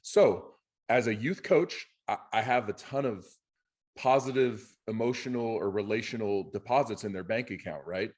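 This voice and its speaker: A man co-hosting a podcast who coaches youth and high school players, talking in an earnest, heartfelt way. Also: moderate pace, darkish tone. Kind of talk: casual podcast conversation.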